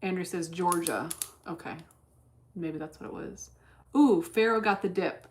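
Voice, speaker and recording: Low-voiced woman chatting on a trading stream. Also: a little slow, darkish tone, a little hiss or hum. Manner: blunt, swears freely, thinks aloud while trading. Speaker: livestreamer trading stocks. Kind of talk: casual livestream chat.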